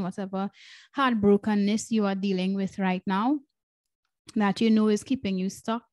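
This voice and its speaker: A breathwork coach hosting a podcast shares a personal story, earnest and emotional, repeating phrases for emphasis. Her voice is medium-pitched with a darkish tone, recorded with no echo.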